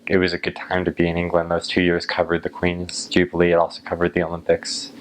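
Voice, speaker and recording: American male vlogger, deep and even delivery, casual musing chat, faint ambient hiss. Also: poor audio. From United States. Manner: unhurried, musing, with frequent ums. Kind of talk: casual talk to camera.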